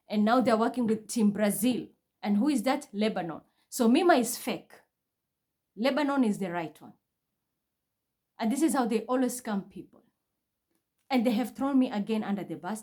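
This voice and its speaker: A woman who vlogs as a spiritual reader speaks to the camera at home in an agitated monologue that is intense, accusatory, and repetitive. Her voice is mid-range with a darkish tone.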